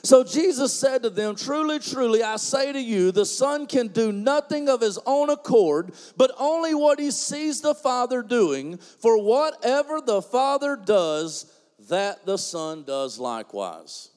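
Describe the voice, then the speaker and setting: A man with a high, bright voice delivers a sermon with a folksy, joking manner. He drops low and quiet for confiding asides, then builds to loud, emphatic preaching. His voice carries a long reverb from the church hall. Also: very animated, unhurried. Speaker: pastor.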